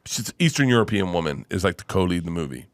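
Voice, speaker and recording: Animated storytelling male comedian. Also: sits low, rapid-fire. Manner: animated, laughing, swearing freely. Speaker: guest comedian. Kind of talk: casual storytelling. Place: studio.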